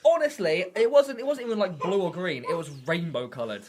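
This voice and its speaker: A young British man co-hosting a comedy podcast, telling stories in an excitable, sweary way. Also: high-pitched, fairly quick. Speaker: podcast co-host. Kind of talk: casual comedy chat.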